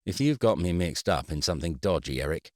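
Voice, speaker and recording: Grumpy suspicious friend, blunt and reproachful, low voice, as a male narrator plays him. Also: expressive, brisk, darkish tone, no room sound, clean studio sound.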